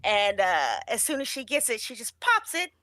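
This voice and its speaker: A woman player narrates her character's actions in a tabletop role-playing game with animated amusement. Her voice is high and bright. The sound is dry and close. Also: normal speed, no echo.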